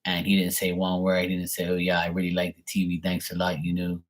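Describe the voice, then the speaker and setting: A man's voice: sits low, completely flat delivery, fast talker. A middle-aged man reading tarot on a live stream, telling a rambling family story in casual chat, swearing and mimicking his relatives. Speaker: tarot reader.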